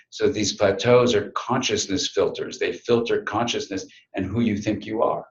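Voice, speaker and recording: A middle-aged man giving a reflective talk to an audience, telling a story with quiet, dramatic pauses. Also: on the low side, roomy sound, highs cut off. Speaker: speaker.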